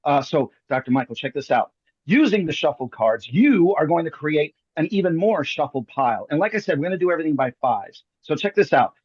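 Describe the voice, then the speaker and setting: A man's voice: a little high, animated, a little fast, husky, no room sound, muffled recording. A man hosting a live magic show, performing a card trick over a video call with jokey, theatrical patter. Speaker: magician host.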